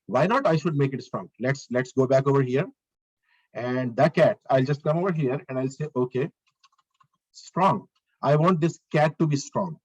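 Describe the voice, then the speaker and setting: A man's voice: mid-range voice, normal speed, husky, muffled recording. A male lecturer giving a live online coding lesson. He talks through each step as he works, repeats his phrases and asks the class questions.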